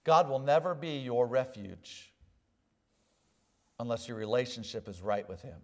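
Speaking a little slowly at medium pitch, this male pastor delivers a sermon, quoting King James-style scripture. He preaches with frequent call-and-response, repeatedly asking the congregation for an "amen."

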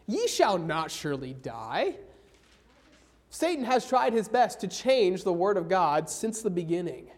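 A man preaches a sermon with an animated, swooping voice that rises and falls across each sentence. He drags out the phrases he wants to stress and slips into old scripture wording when he quotes. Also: high voice. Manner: emphatic, slows down for key phrases.

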